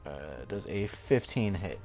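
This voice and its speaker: A man's voice: low voice, sing-song, slow pace, over loud music. A man acting as game master, narrating a tabletop combat casually and checking rules as he goes.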